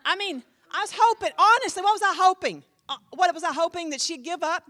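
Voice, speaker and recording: Woman pastor teaching a class: high-pitched, chatty, emphatic teller with a dry sound. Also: a little fast, no room sound. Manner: animated, emphatic, conversational with many fillers.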